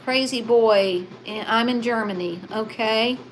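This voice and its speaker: A woman's voice: fairly high pitch, a little slow, noisy background. A woman hosting a casual livestream, chatting and reading viewer comments aloud. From Southern United States.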